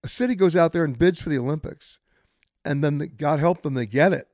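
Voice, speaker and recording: This radio travel show host speaks from a hotel, handing listeners direct advice in a chatty, emphatic way. His voice is a little high and slightly mellow, fairly quick, captured in a dry, studio-quality recording.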